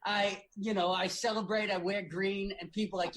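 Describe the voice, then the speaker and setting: A man's voice: sits high, flat delivery, brisk, very noisy. A middle-aged man from Brooklyn, a comedian guesting on a podcast, telling stories wryly and swearing casually. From Brooklyn, New York. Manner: wry storytelling, swears casually.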